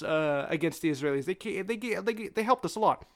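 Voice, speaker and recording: Heated, profane young man, higher voice. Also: animated, quick pace, hardly any pauses, fairly bright tone. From Palestine. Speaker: podcast guest. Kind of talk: casual podcast chat.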